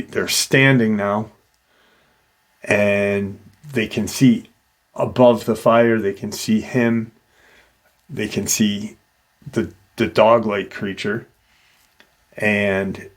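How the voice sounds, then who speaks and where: A man hosting a paranormal channel, casually retelling a witness's encounter with loose fillers. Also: fairly low pitch.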